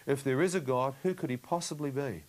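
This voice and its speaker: A man telling his story in a loose, conversational way, often checking in with "you know what I mean". He slips into his own remembered prayers as he speaks, at a middle pitch. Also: fairly quick. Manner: relives the scene, acting out his own inner prayers. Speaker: guest giving a testimony.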